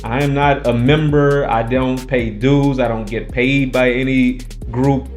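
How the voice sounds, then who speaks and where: A man's voice: mid-range voice, steady tone, a little slow, faint music behind. A man hosting his own commentary channel, arguing his points emphatically and repeating them for stress. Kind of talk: opinionated casual commentary.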